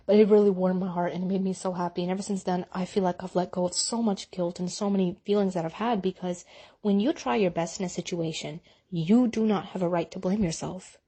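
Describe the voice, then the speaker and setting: A young woman giving a heartfelt, casual motivational talk on faith, speaking earnestly and directly to her listeners with relaxed slang. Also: medium pitch, slightly rough. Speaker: Muslim advice speaker.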